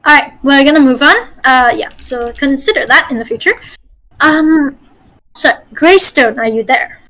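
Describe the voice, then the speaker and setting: Heard on a rough recording, this Malaysian woman speaks at a moderate pace in a high-pitched, sharp-toned voice. She's the game master running a voice-acting lesson on a group call, talkative and supportive.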